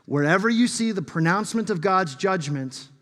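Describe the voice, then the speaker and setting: A man preaching a sermon as pastor, emphatic and shifting between loud bursts and hushed asides. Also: high-pitched, expressive, moderate pace. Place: church sanctuary. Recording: long reverb of a large hall.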